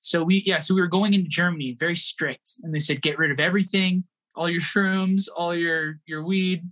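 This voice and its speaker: Bright-voiced man telling a tour story. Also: sits high, fairly quick. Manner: animated, acts out quoted voices, laughs often. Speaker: guest musician. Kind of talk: casual storytelling.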